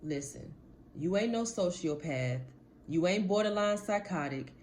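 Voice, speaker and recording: A woman's voice: lowish voice, animated, measured pace, darkish tone, slight background noise. A woman life coach giving a motivational talk to camera, blunt and casual, addressing viewers directly and repeating her points for emphasis.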